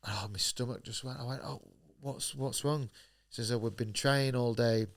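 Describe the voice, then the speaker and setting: This man speaks in a mid-range voice, keeping an even tone and a normal pace. As a pro boxer being interviewed on a podcast, he recounts events bluntly, cursing without restraint and performing what others said to him.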